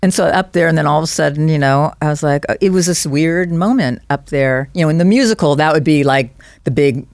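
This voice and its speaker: A woman guest on a podcast, telling animated stories and acting out quoted dialogue in other voices. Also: low-pitched, a little fast, few pauses, dry recording, clean studio sound. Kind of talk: casual podcast conversation.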